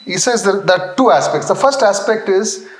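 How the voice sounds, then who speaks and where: A man giving a Christian talk about work, speaking haltingly and often checking in with his listeners. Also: high-pitched, expressive, reverberant, rough recording. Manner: halting, many fillers and restarts, checks in with "okay". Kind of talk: faith talk with anecdote.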